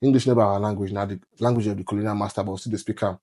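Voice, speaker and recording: A man's voice: on the low side, steady tone, rapid-fire, mellow. A young man from Nigeria with a Nigerian accent, talking emphatically on a podcast and mixing Pidgin into his English. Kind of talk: casual podcast chat.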